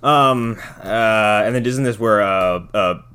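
A man co-hosting a podcast, chatting about a film in an excitable, jokey way. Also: slow pace, clear, resonant tone. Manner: excitable and jokey, prone to shrill impressions. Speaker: podcast co-host. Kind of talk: casual movie-recap chat.

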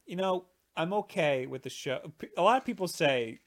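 A man co-hosting a live show, relaxed and joking. He reads viewers' chat messages aloud and riffs on them. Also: on the high side, normal speed. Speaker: podcast co-host reading chat. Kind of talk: casual chat.

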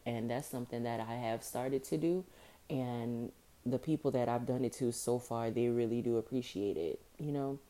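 A woman hosting a podcast alone, talking casually and informally with a rough morning voice, repeating phrases for emphasis. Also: very deep voice, mellow. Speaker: podcast host. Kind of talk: casual solo podcast monologue.

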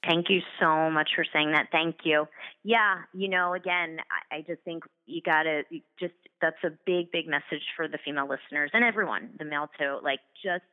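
A woman's voice: low-pitched, a little fast. Effusive woman in her forties on a tinny line. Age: 40s. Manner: effusive, rambling, many fillers. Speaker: acting coach and actress guest. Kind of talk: casual interview chat. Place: remote call from home office.

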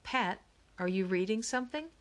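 A woman narrator plays a calm, clever older brother in a storybook. He lays out his reasoning patiently and evenly. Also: mid-range voice, moderate pace, voice pushed up, lightly acted. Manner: calm, explaining. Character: calm, thoughtful older brother, puzzle-solver. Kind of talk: audiobook character reading.

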